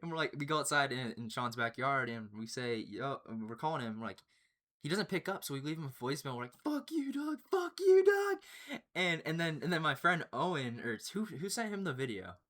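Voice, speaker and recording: A young man telling a story in casual chat, excitable and profane, often breaking into laughter. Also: mid-range voice, fast talker. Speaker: storyteller, channel host.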